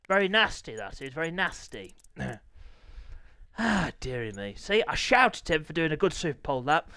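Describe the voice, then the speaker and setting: A man hosting and commentating a sim racing league, chatty and jokey, teasing the riders and clearing his throat often. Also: a little high, sing-song, a little slow, long pauses, pushed and bright, dry recording, clean studio sound. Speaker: race commentator and league host.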